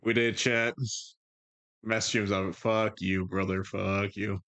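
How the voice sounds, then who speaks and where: A man's voice: fairly low pitch, level tone, slow pace, fairly bright tone, no echo. A man hosting a live stream, chatting casually and playfully bantering with his chat and thanking viewers. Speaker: streamer host.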